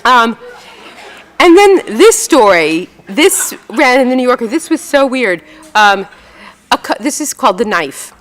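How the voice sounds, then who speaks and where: A woman, an author telling chatty, self-mocking stories to an audience and trying on quick voices for people she describes. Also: a little high, very animated, fairly bright tone, big-room sound, some chatter behind. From New York. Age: 60s. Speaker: author giving a talk. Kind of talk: storytelling talk with slides and a reading. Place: event hall before an audience.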